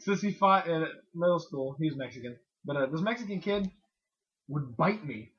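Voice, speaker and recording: A young man with a high, bright voice rambles through a story, swearing freely and laughing between lines. The recording is muffled and lo-fi, like a cheap podcast mic. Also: animated, normal speed. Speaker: podcast co-host. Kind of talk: casual podcast chat.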